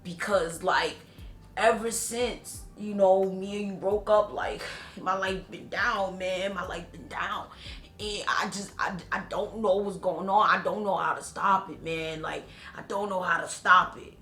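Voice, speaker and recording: Woman putting on a low mumbling ex-boyfriend. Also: fairly even intonation, measured pace, a bit bright, soft background music, close to an everyday voice. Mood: pleading. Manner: low mumbled pleading with slang. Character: young adult man, sheepish ex-boyfriend, mumbling. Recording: roomy echo.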